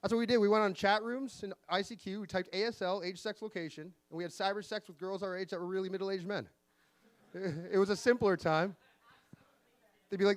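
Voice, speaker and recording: High-pitched man doing stand-up. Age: 40s. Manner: deadpan one-liners with quick pitch jumps for punchlines. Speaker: stand-up comedian. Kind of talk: stand-up comedy set. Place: live comedy venue.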